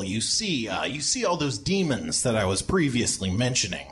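A man running a tabletop game, his narration bright and forceful with a lively, animated pitch. He describes scenes at length, correcting himself and laughing as he goes. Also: moderate pace. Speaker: game master.

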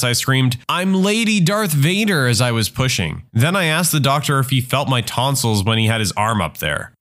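A man narrating a string of short reader-submitted stories, jumping up in pitch to quote other people. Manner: animated, jumps to a higher pitch when quoting others. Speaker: narrator reading online comments.

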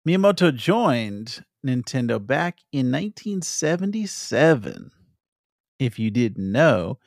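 A man hosting a gaming podcast, relaxed as he reads news items and riffs on them. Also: medium pitch, slow, vocal fry, dry recording, studio quality. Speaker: podcast host reading news segments. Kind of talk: casual news chat.

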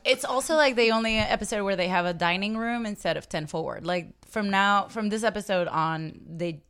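A woman co-hosts a relaxed podcast chat at an ordinary pitch. She talks a lot, trades animated asides and swears without a second thought. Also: fairly quick, smooth. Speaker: podcast co-host. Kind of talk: casual chat.

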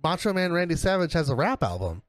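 A man co-hosting a podcast, excitable and swearing freely. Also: on the high side, quick pace, no echo, clean studio sound. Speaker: podcast co-host. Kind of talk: casual podcast chat.

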